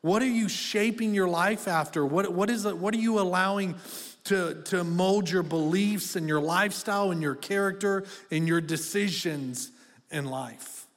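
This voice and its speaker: A man's voice: sits high, normal speed, a bit bright. A man in his thirties preaching a sermon as pastor, conversational and direct, asking the congregation to speak back. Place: church auditorium. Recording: long reverb of a church hall.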